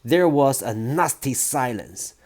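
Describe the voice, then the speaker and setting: A reader narrating a children's book in a slow, expressive storytelling manner. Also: medium pitch. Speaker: audiobook reader.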